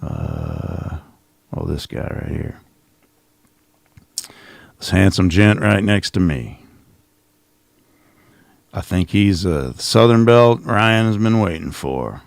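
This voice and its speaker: A middle-aged man with a low, gravelly voice and plenty of vocal fry rambles sarcastically through a casual livestream. He speaks close to the mic in a dry, dead room, with a mocking, offhand tone. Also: very animated, takes it slowly, pauses often, no echo. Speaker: channel host. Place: home office.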